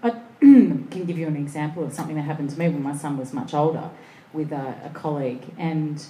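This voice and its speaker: A woman on a discussion panel, telling lively anecdotes and acting out the voices of the people in them. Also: low-pitched, fairly quick, echoey room, slight background noise, poor audio. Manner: animated anecdotes, acts out voices.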